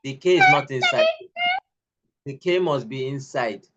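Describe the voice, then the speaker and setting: A man's voice: mid-range voice, wildly swooping pitch, unhurried, dull audio, very noisy. A man tutoring a pupil in coding, giving patient step-by-step instructions and repeating himself. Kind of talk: one-on-one online coding lesson.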